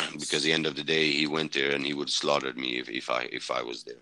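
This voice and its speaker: A man's voice: very deep voice, flat delivery, quick pace, gravelly, pushed and bright, no echo, poor audio. A Swedish man, a native Swedish speaker, casually and bluntly telling a war story on a podcast, rambling and swearing. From Sweden. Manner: rambling, blunt, swears freely, many restarts. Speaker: podcast guest, former fighter and medic.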